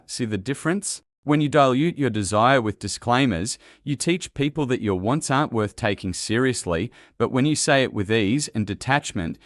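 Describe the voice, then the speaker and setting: A man giving calm, measured, scripted self-help narration in an instructive tone. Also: mid-range voice, no room sound, studio quality.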